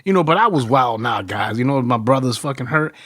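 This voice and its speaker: Guy hosting a podcast, swearing and cracking up, mid-pitched, dry close sound. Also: lively intonation, brisk, fairly bright tone, dry recording. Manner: profane, laughing storyteller. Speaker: podcast host. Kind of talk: casual chat.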